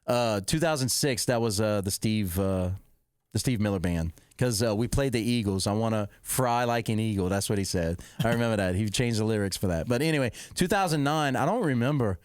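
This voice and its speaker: A middle-aged man, hosting a podcast, rambling and correcting himself as he excitedly recounts a football game. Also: lowish voice, a little fast, dry recording, clean studio sound. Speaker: podcast host. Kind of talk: casual storytelling.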